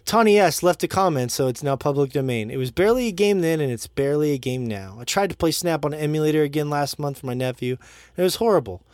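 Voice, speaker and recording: A man hosts a relaxed chat podcast, his voice sitting a little high. He chuckles through his points and reads out comments from listeners. The sound is dry and close. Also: fast, no room sound. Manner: laughing often, reading listener comments aloud. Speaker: podcast host. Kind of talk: casual chat.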